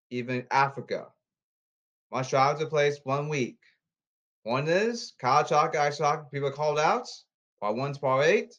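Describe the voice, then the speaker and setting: Man, solo podcast rant, repetitive and halting, slightly muffled lo-fi sound. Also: mid-range voice, a bit bright. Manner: repetitive, pleading, halting delivery. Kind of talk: rambling solo monologue. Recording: slightly dull lo-fi audio.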